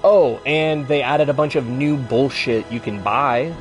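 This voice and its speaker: A man's voice: medium pitch, a little slow, lo-fi sound, soft background music. A man talks casually on a live stream in a mid-range voice. He rambles, restarts his sentences and swears freely. He often slides into heated rants.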